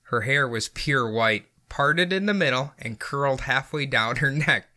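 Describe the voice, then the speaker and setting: A podcast host reads out a story casually in a medium-pitched, pushed and bright voice, going a little slow. He's giggly, often laughing through his reading.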